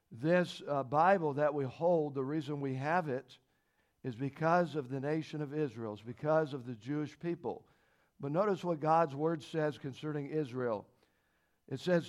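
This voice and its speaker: A man teaching a church Bible lesson in a fairly high voice. He talks folksy and plain, leans on rhetorical questions, and climbs louder and higher when he presses a point. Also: normal speed. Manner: emphatic, rises in pitch and volume when stressing points. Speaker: Sunday school teacher.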